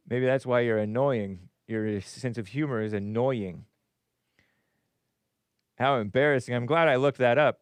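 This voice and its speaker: A man's voice: mid-range voice, animated, slow pace, pauses often, clear, resonant tone, no room sound, clean studio sound. A man hosting a live call-in show in a rambling, jokey way, laughing at his own asides. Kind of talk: casual live-stream chat, reading viewer messages.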